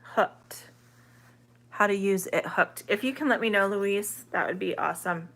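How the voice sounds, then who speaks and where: A woman teaches English on a live stream, with a bright, clear tone. She talks unhurriedly, answers viewers' comments as they come in, and draws out each vowel sound with care. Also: mid-range voice. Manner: chatty, reads viewer comments aloud and answers them; sounds out vowels slowly and carefully. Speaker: online ESL teacher.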